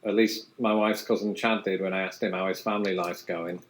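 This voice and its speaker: A man's voice: low voice, steady tone, brisk, slight background noise. A man presenting a commentary video in a scripted way, with wry, joking asides. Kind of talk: scripted commentary with dry jokes.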